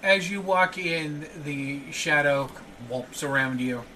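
A man's voice: on the high side, takes it slowly, distant mic, a crowd in the background. A man narrating a tabletop game as game master, hesitant with frequent filler sounds.

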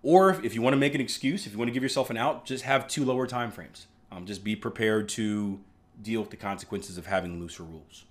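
A man's voice: on the low side, fast. Chatty male trading instructor. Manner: chatty, keeps asking "right?" and acting out anecdotes. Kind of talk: casual live-stream teaching.

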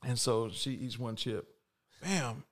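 A man's voice: medium pitch, slow pace. A man hosting a casual podcast, telling a long prank story with slang, swearing and frequent laughs. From Houston, Texas. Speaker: podcast host.

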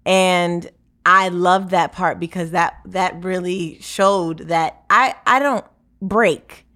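Brief: woman co-host, low-ish voice, thoughtful and affirming in casual chat. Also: slow, sharp tone.

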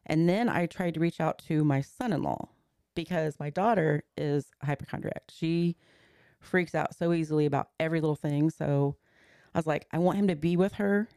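A woman's voice: deep voice, moderate pace, warm tone, smooth, no echo, studio quality. A woman in her forties, a podcast guest, earnestly recounting a personal story step by step and slipping into the words of the people in it. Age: 40s.

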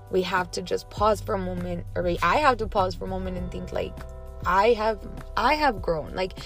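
A woman from Texas hosting her own podcast, talking candidly and a little shakily, loose with casual fillers. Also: mid-range voice. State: emotional, a little shaky. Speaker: podcast host. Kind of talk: casual solo podcast monologue.

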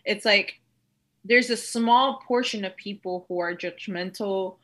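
Bright-voiced chatty woman. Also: medium pitch, measured pace. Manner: rambling, heavy use of "like". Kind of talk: casual podcast conversation.

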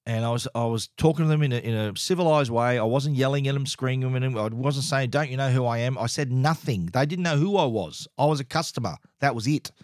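A man's voice: medium pitch, fairly quick, hardly any pauses, a little mellow, no echo, studio quality. A middle-aged Australian man telling a story in a casual, exasperated and emphatic way, with frequent restarts.

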